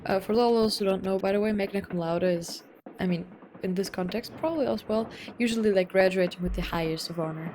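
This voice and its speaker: A hoarse young woman chatting excitedly and rambling as she plays a video game. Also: mid-range voice, fairly quick, a little hiss or hum. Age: young adult. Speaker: gaming channel host. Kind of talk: let's play commentary. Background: game music.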